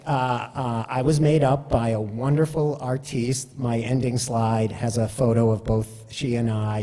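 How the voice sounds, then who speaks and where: A man's voice: medium pitch, mellow. Chatty man talking in a reverberant hall. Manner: conversational, frequent fillers and "right?" asides. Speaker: speaker giving a talk. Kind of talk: storytelling presentation.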